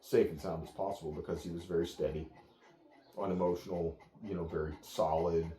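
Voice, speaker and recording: A man working as a dog trainer, explaining to clients in a calm, steady, plain-spoken way. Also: low-pitched, fairly quick, echoey room.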